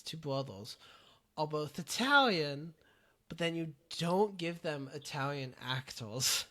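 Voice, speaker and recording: Slow, hesitant podcast co-host. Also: mid-range voice, a bit bright. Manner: slow, hesitant, lots of fillers and giggles. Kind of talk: casual chat.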